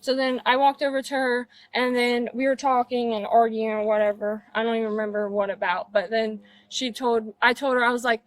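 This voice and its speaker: A woman's voice: on the high side, flat delivery, a little fast, few pauses, no echo, rough recording. A nineteen-year-old woman emphatically recounting a fight to a police officer, upset and blunt, recorded outdoors on a body camera. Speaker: witness in a police call. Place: outdoors at a residence.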